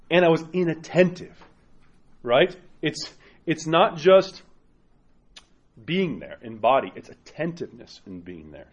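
With a voice on the high side and lo-fi sound, a man speaks as an Orthodox priest giving an informal homily. He addresses listeners directly in a conversational way, often closing points with tag questions and acting out the parishioners he quotes.

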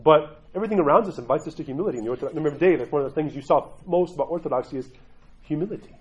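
A man's voice: fairly high pitch, racing, lo-fi sound. A middle-aged man, an Orthodox Christian clergyman, giving casual spiritual talk and often asking "right?". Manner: conversational, keeps asking "right?"; acts out quoted voices.

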